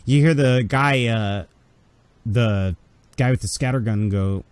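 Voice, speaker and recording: A man's voice: mid-range voice, slow pace, darkish tone, smooth, no room sound. A man narrating as game master of a tabletop game in a casual, profane way, voicing side characters as he goes.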